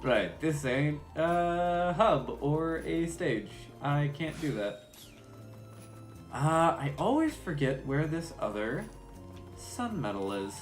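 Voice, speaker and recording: A man's voice: on the high side, very animated, slow, soft background music. A male voice actor streamer chatting casually while playing a game, laughing at himself.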